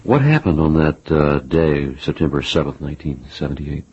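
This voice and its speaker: A man's voice: a bass voice, animated, normal speed, a little mellow, a little hiss or hum. A man interviewing, asking brief, probing questions. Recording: dull lo-fi broadcast audio.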